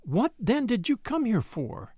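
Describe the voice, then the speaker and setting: A frightened widow stammers and pleads, as a male reader puts her on. Her voice sits high and jumps about, recorded dry and close. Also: sing-song, moderate pace, no room sound. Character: frightened genteel widow, woman, middle-aged.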